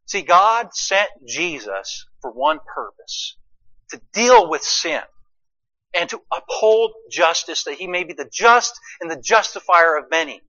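Guy preaching a sermon, goes from quiet to loud, keeps asking the crowd questions, muffled lo-fi sound. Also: on the high side. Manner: swings from quiet asides to loud emphatic preaching; asks the congregation rhetorical questions.

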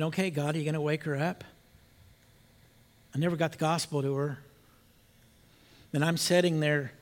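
An older man preaching a sermon, telling a story in a hushed voice and rising to emphatic appeals. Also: a little high. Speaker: pastor.

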